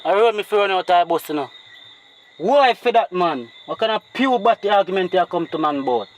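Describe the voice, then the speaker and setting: A man's voice: high voice, animated, a little fast, rough recording. A man with a Jamaican accent, scolding irritably in a comedy sketch.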